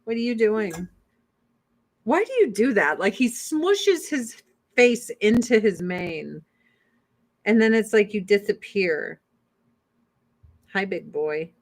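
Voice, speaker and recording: A woman chats casually to her online audience, swearing freely and speaking bluntly. Between rants she drops into cooing baby talk for her cats. Her voice sits at an ordinary middle pitch. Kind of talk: casual livestream chat.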